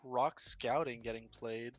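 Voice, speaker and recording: A man's voice: medium pitch, fairly even intonation, unhurried, faint music behind. A man casting an online card game tournament, breaking down plays in an upbeat, analytical way. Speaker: esports caster. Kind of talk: casual game commentary.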